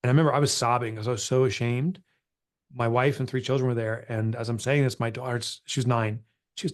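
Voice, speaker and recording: A man's voice: medium pitch, fairly even intonation, quick pace. A middle-aged man and author, candidly telling an emotional personal story in an interview. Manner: earnest, emotional, confessional. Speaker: author and guest.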